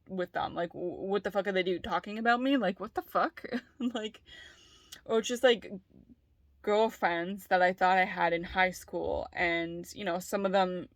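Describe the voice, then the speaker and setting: A woman's voice: fairly low pitch, creaky, no room sound. A woman vlogging candidly, talking in a rambling, frank way with lots of fillers and swearing. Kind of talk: candid personal vlog.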